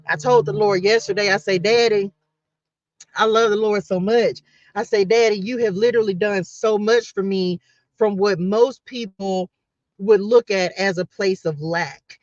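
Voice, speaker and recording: A man's voice: high-pitched, dry recording. A man hosting a casual live spiritual talk, passionate and emotional, close to tears, often restarting and repeating phrases. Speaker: host giving a spiritual message. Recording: dull lo-fi dry sound.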